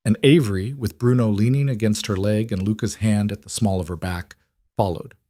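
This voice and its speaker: A man narrating a scripted story in a measured, even storytelling manner, recorded close on a studio mic. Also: on the low side, no echo.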